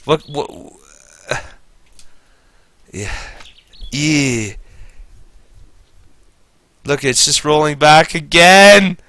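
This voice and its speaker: Profane guy ranting while gaming, bright tense voice, dry close sound. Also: a little high, very slow, long pauses, clean tone, dry recording. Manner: profane, rambling, bitter. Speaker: gamer telling stories. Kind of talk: casual commentary over gameplay.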